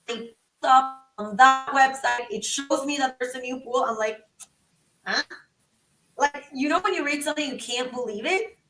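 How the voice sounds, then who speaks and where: Woman guest, high, sharp voice, acts out dialogue, roomy sound from a distance. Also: normal speed, hardly any pauses, faint music behind. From Venezuela. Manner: acts out both sides of conversations, exclaims. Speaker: podcast guest. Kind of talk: animated storytelling.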